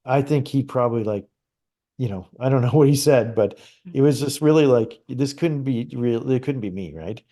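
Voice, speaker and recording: A middle-aged man from Canada, a guest on a conversational show, telling a personal story in a lively, animated way with frequent restarts. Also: mid-range voice, moderate pace. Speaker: guest psychic medium.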